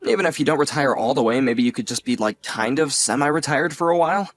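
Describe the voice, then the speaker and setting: Actor as an earnest young man in his twenties, average pitch, sincere and grateful. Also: fast, natural voice. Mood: teasing. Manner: sincere, gently teasing. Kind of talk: audio drama acting.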